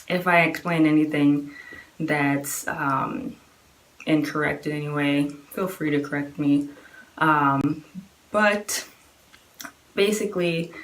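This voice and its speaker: Low-voiced woman telling her story. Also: fairly bright tone, a little hiss or hum. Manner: chatty, many fillers, acts out quoted voices. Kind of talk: casual personal storytelling.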